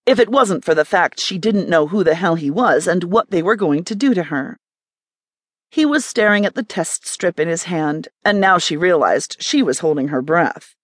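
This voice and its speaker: Woman, audiobook narration, low-pitched, animated, dry studio. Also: no room sound. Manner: expressive, lively reading. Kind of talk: scripted narration of a romance thriller.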